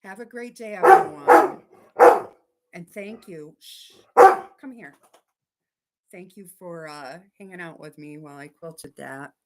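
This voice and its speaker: A woman's voice: sits low, normal speed, hardly any pauses, noisy background. A woman hosting a casual quilting livestream from her home sewing room, chatting with viewers about their comments and talking to her dog.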